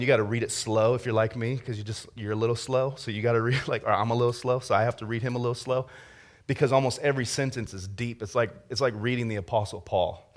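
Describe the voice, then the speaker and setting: A man, a pastor, giving a conversational sermon with stories and frequent restarts. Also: mid-range voice. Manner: conversational, storytelling with restarts and laughter.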